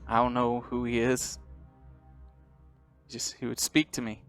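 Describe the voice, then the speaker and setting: A man's voice: medium pitch, completely flat delivery, measured pace, a bit bright, faint music behind. A man doing a creepy, broken squatter. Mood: eerie.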